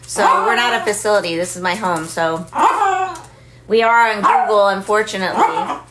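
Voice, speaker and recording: A woman's voice: mid-range voice, normal speed. Doting woman scolding dogs over noise. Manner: doting baby talk to dogs, mock scolding. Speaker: senior dog sanctuary owner. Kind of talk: casual talk to dogs and camera. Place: her home, kitchen with many dogs.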